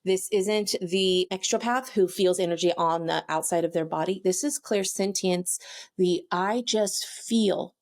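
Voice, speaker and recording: A woman's voice: fairly low pitch, fairly even intonation, normal speed. A woman hosting her own show, explaining intuitive abilities in a chatty teaching talk, often saying "like" and "okay". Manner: chatty, frequent "like" and "okay", acts out little quoted voices. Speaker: intuitive teacher and podcast host.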